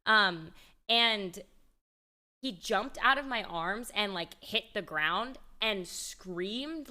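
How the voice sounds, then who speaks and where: A woman's voice: mid-range voice, bright, forceful tone. A young woman streamer in casual chat, talking freely with lots of fillers and casual swearing.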